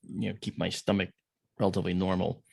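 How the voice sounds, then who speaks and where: Gravelly man telling a lively story. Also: low voice, quick pace, no echo, clean studio sound. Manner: animated storyteller, acting out quoted voices. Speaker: podcast guest. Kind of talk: storytelling in casual conversation.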